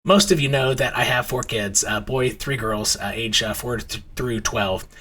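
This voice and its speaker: A man's voice: moderate pace, pushed and bright, breathy edge. A man in his thirties, host of a trading channel, telling stories and then talking through charts in a rambling way full of fillers and restarts. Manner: acts out his kids' voices in high squeals. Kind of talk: casual storytelling and chart commentary.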